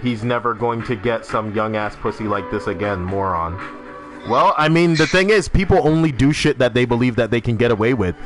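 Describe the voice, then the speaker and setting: A man streaming a game, chatting loosely with teammates and viewers, loud and swearing constantly. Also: medium pitch, brisk, soft background music. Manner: animated, talking to teammates and chat. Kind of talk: casual live-stream chat while gaming.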